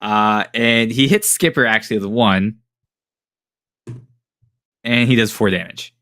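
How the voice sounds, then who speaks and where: Slow-talking, bright-voiced game master man. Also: lowish voice, no echo, studio quality. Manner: casual, hesitant, with many fillers and chuckles. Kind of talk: narrating a tabletop game.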